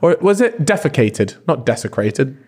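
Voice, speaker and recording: A man's voice: mid-range voice, very animated, normal speed, darkish tone, slightly rough. Teasing young man asking questions. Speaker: guest interviewer. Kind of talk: casual podcast chat.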